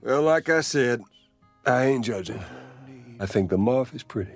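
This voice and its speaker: An actor voicing a gruff middle-aged man in a video game, teasing in a dry, laconic drawl. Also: medium pitch, expressive, normal speed, soft background music. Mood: gently curious. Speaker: game character.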